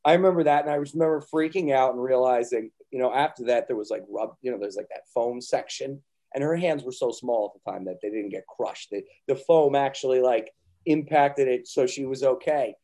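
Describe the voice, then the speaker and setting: A man's voice: mid-range voice, brisk, warm tone. A man chatting as a podcast guest, telling loose stories full of swearing and acted-out quotes. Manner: storytelling, swears, acts out quotes. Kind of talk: casual chat.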